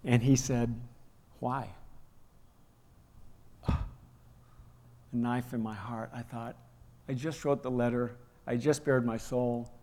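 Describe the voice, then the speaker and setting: A man's voice: mid-range voice, level tone, measured pace, long pauses. A man preaching a sermon, telling a personal story and acting out the raised voices in it. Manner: storytelling, acts out quoted shouting. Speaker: pastor. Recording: long hall reverb.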